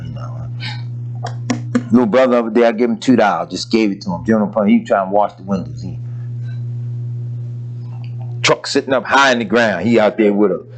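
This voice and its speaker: A man's voice: on the low side, slightly rough, poor audio. A man preaching a sermon in an informal, conversational way, talking straight to the congregation and acting out quotes. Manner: lively preaching with loose asides and acted-out quotes; colloquial, talks to the congregation directly.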